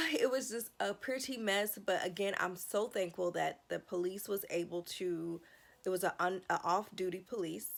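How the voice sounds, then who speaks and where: A woman's voice: mid-range voice, normal speed, gravelly. A woman vlogger telling a personal story in a casual, emotional, rambling way, often restarting her sentences.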